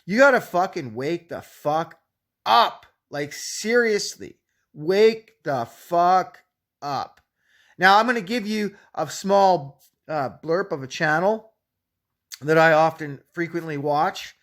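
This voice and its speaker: A man's voice: fairly high pitch, expressive, measured pace, fairly bright tone. A man in his late forties ranting bluntly at critics, swearing nearly every sentence. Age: 40s. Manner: swears constantly, blunt and combative. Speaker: YouTube channel owner. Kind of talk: profane angry rant.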